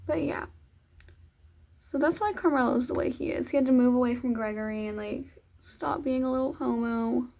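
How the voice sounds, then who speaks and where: A young adult vlogger from Virginia, with a high-pitched, darkish voice at normal speed, chats casually while doing her makeup in a get-ready-with-me video. She rambles and pokes fun at herself.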